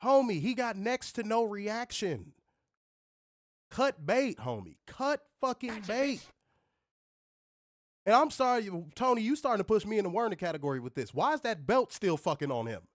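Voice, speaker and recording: A man hosting a podcast with a high, lively voice, ranting in a profane, casual way. His pitch jumps around constantly. The sound is dry and close. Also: fairly quick, dry recording. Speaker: podcast host. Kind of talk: casual chat.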